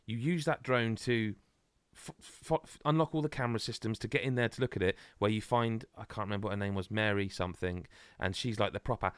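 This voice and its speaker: A man's voice: lowish voice, a little fast, hardly any pauses, clear, resonant tone, no echo. Rambling man on a podcast. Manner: rambling, animated, many restarts. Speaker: podcast co-host. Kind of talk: casual chat.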